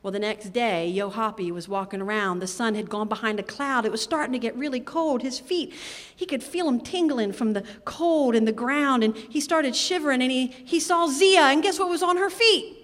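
A woman telling a fable to a live audience of children in an animated, rhythmic way. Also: a little high, moderate pace. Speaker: storyteller. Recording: live hall with long reverb.

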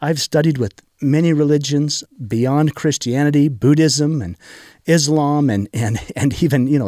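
A man's voice: medium pitch, mellow, no room sound, clean studio sound. A middle-aged man, a guest in an interview, telling a personal story in an earnest, emotional way, often stopping and restarting his sentences.

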